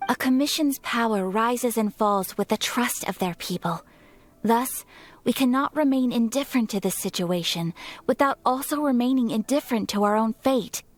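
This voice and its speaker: An actress voicing a young noblewoman in a video game, speaking in a polite, measured and formal way. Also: fairly high pitch, natural voice. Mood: earnest. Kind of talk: game voice acting.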